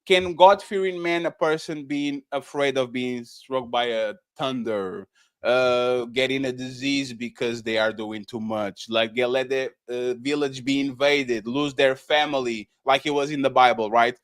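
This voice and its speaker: Man, New York accent, podcast host, rambling questions, mid pitch, casual panel talk. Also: fairly even intonation, unhurried, fairly bright tone, clean tone. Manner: rambling, loose questions full of "like" and restarts. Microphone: streamed podcast mic.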